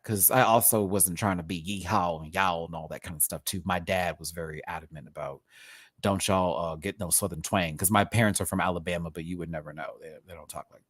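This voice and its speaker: A man giving an animated, casual review of a TV show, breaking into mock voices. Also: low voice, no echo, clean studio sound. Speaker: drag race reviewer.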